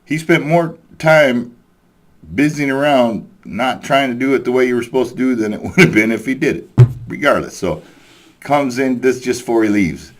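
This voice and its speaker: A man's voice: medium pitch, moderate pace. A man telling a story in a profane, exasperated rant, chuckling as he goes. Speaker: vlogger ranting about a coworker.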